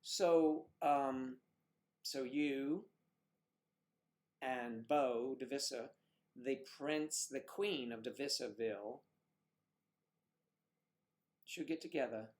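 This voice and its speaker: A man's voice: mid-range voice, takes it slowly, pauses often, darkish tone. Bawdy joking middle-aged man. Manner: bawdy joking, teasing viewers by name. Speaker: livestream co-host. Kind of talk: casual livestream chat reading comments.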